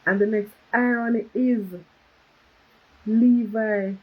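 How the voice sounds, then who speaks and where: Woman, husky voice, casual livestream chat, lo-fi phone sound. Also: fairly high pitch, fairly even intonation, slow pace. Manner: chatty, reads out viewer comments, switches to patois. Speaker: livestream host. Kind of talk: casual live chat with viewers.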